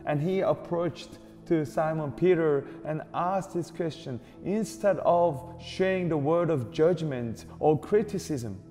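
A man preaching a sermon as pastor, slow and deliberate, stressing repeated questions. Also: fairly high pitch. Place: church hall. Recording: reverberant hall with soft music behind.

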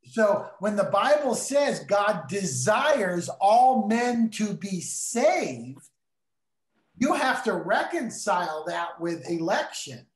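A man's voice: high-pitched, big pitch swings, slow. A middle-aged man teaching in a casual Bible discussion, earnest and emphatic like a preacher. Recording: roomy echo.

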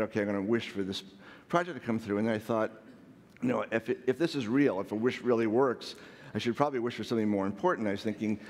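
A man tells personal stories on stage in a playful, self-deprecating way. His voice sits a bit low. The sound rings out with the long reverb of a large hall. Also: darkish tone. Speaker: speaker. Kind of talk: storytelling talk on stage.

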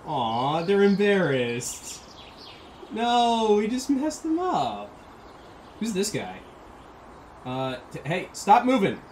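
A young man giving casual, excitable let's-play commentary as a gaming channel host, reacting loudly as he plays. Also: high voice, slow, pauses often, a little hiss or hum. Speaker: gaming YouTuber. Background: loud game music.

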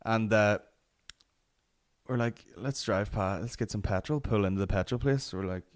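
Northern Irish male comic host, lowish voice, rambling sweary storyteller. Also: moderate pace. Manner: sweary, rambling anecdotal delivery. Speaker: podcast host. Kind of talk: solo comedy podcast storytelling.

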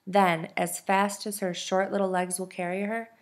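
A woman, a teacher, reading a novel aloud in soft, steady storytelling. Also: mid-range voice, moderate pace. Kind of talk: audiobook narration.

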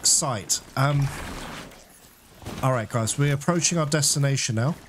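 A man giving casual commentary while playing a video game blind, excitable, swearing and laughing, yelping in panicked moments. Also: mid-range voice, measured pace, a little hiss or hum. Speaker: gamer playing a blind let's play. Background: game music.

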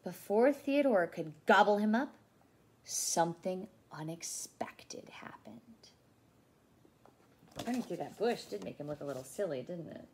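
Preschool teacher, woman, unhurried, expressive read-aloud with lively pitch. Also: a little hiss or hum. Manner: animated, expressive storytelling. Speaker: childcare teacher. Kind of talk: reading a picture book aloud to children.

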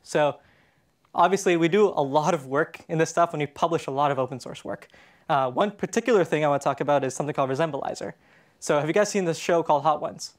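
A Canadian man with a slightly high voice gives a casual conference presentation at a quick pace, full of fillers and restarts. He's speaking from a conference stage in a hall.

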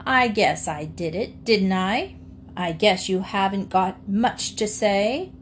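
A woman's voice: mid-range voice, slow, a little hiss or hum, close to an everyday voice. A woman voicing a boastful male cat who talks in a smug, taunting way in a storybook reading.

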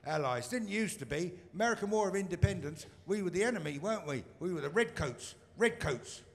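A man's voice: high-pitched, animated, fairly quick, gravelly. A man from Britain performing a stand-up routine on a comedy stage, teasing the crowd in a dry way.

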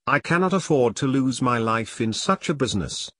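A man voicing a stern nobleman prince in an audiobook, speaking gravely and formally. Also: medium pitch, expressive, normal speed, a bit bright, dry recording, clean studio sound.

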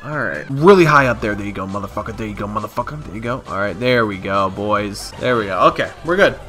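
A young man giving profane, excitable commentary over his own gameplay, talking to himself and yelling at near misses. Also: fairly low pitch, fast talker. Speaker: gaming YouTuber.

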